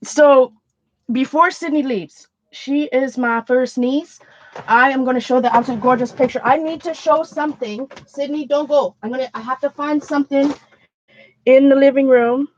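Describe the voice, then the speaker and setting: A woman's voice: sits high, fairly even intonation, normal speed, a little hiss or hum. A woman hosting a casual livestream from home, talking in an earnest, rambling, chatty way. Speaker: art channel host. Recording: dull lo-fi sound.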